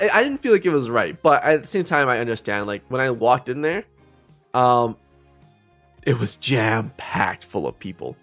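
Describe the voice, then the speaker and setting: A man's voice: mid-range voice, big pitch swings, moderate pace, a bit bright, soft background music. A young man casually telling a story on a live stream, rambling, restarting his sentences and laughing often.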